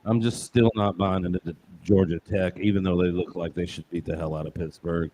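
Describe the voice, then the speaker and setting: A man's voice: low voice, fairly even intonation, a little fast, warm tone. A man co-hosting a casual football picks show, joking and rambling with punchy asides. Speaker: show co-host. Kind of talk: casual sports betting chat.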